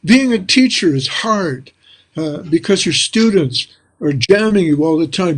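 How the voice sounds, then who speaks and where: Older man, animated storyteller. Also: fairly high pitch, unhurried. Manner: animated, acts out quoted dialogue. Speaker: interview guest, spiritual author. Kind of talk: casual storytelling conversation. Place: small room with a wall of books.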